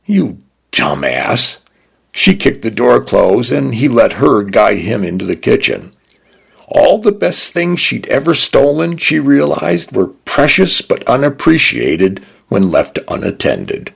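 A man narrating radio stories in a measured, expressive reading. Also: mid-range voice, gravelly, breathy edge. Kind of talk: scripted narration.

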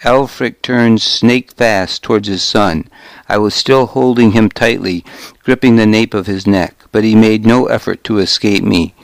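Male audiobook narrator, measured first-person read; slow pace, dry booth sound. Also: on the low side, steady tone, gravelly, no room sound.

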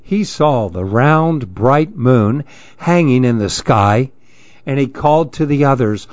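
A man reads children's stories aloud in a slow, expressive way, his pitch rising and falling a lot. His voice sits a bit high for a man. The recording is dry and somewhat dull. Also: dry recording. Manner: expressive, sing-song reading. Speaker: narrator. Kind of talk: storybook reading.

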